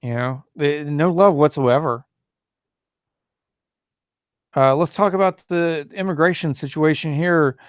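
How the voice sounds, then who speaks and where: A man's voice: fairly high pitch, no echo, studio quality. A man hosting a solo talk show, rambling and indignant, with many fillers and restarts, who mocks opposing views in a raised, sneering voice.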